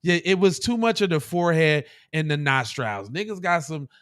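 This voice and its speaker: A man hosting a podcast, reacting to clips in loud, mocking casual commentary full of swearing. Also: fairly high pitch, expressive, moderate pace, smooth.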